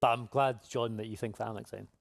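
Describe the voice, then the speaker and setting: A man's voice: lowish voice, fairly even intonation, quick pace, creaky. A man hosting a live prize draw, chatty, upbeat and jokey. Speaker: giveaway live draw host. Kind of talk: casual live-stream chat.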